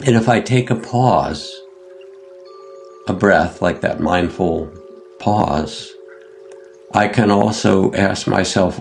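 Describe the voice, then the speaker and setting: Gravelly deep older man, gentle and unhurried. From United States. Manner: gentle, unhurried, pauses with fillers. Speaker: meditation teacher, podcast guest. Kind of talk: reflective interview talk.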